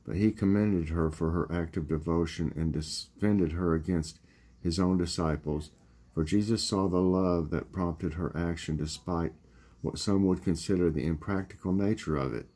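A man, hosting his own channel, reading a morning devotional and praying in a calm, steady way. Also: sits low, moderate pace. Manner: calm, steady reading, casual chat at the end. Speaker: vlog host leading devotions.

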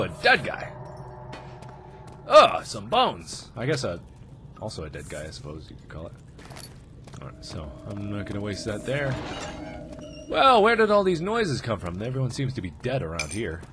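Jumpy, shouting young male gamer. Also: fairly low pitch, sing-song, moderate pace, long pauses, slight background noise. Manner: jumpy, loud screaming outbursts and jokey asides. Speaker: let's play host. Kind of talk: horror game commentary.

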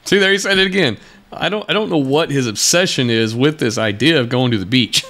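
A man's voice: mid-range voice, a little fast, fairly bright tone. A man hosting a podcast, responding to a video in a sarcastic, exasperated commentary and laughing between points. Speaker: podcast host.

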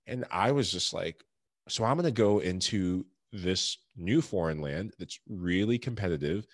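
A man's voice: deep voice, no room sound, studio quality. A man in his thirties telling his story in an interview, earnest and reflective, laughing often. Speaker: podcast guest, former pro athlete.

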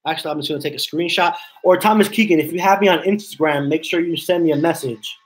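A man with a fairly high voice talks quickly on a rough recording. He's hosting a casual live stream from his home office, rambling and repeating himself as he reads chat messages out loud.

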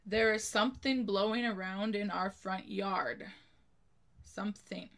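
Her voice is medium in pitch, steady, and fairly bright as she slowly teaches children to spell. The woman carefully spells each word one letter at a time and gives an example sentence.

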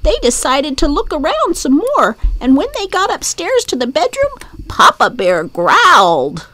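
A woman reading a children's story aloud in an expressive, sing-song way. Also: high voice, measured pace, no room sound.

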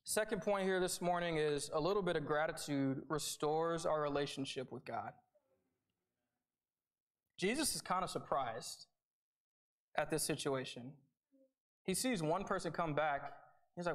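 A man's voice: a little high, a little slow, long pauses. A young man giving a conversational sermon, earnest and informal, often checking in with "right?". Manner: conversational, earnest, with repeated starts and "right?" asides. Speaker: preacher.

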